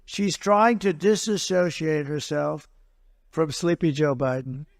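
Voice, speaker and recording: A man's voice: fairly high pitch, measured pace, creaky. A man speaking as a political candidate at a campaign rally, blunt and mocking, repeating his points and boasting in asides to the crowd.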